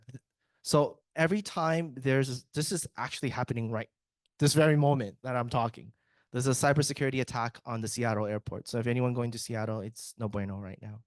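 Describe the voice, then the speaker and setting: A man talks through a tech summit presentation in a loose, joking way, cracking dad jokes and breaking off to restart his sentences. His voice sits in a middle pitch. The sound is dry and close, with little room echo. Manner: joking, chatty, self-interrupting with restarts. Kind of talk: casual conference presentation.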